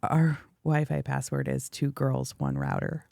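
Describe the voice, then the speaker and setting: Gravelly-voiced woman asking podcast questions. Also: extremely low pitch, flat delivery, measured pace, a little mellow, dry recording, studio quality. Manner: chatty storyteller, asks questions. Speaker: guest host, interviewer. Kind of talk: casual podcast interview.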